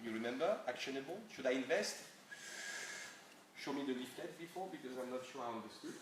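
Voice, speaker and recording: A man's voice: mid-range voice, fairly quick. A man with a French accent giving a chatty workshop talk, full of fillers, restarts and laughs. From France. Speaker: guest speaker. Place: event hall with audience. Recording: echoey hall from far off, audience.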